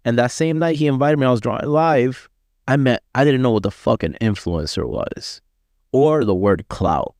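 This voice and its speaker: A man's voice: mid-range voice, moderate pace, dry recording, studio quality. A man from Miami in his thirties, a visiting artist telling a long story in casual, profane talk, acting out the people he quotes. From Miami, USA. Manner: profane, animated, acts out quoted voices. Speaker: artist guest.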